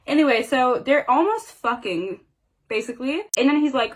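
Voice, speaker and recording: A woman's voice: a little high, animated, fairly quick. Chatty sarcastic young woman ranting. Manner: sarcastic, chatty, dramatic asides. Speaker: book reviewer. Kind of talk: casual book rant.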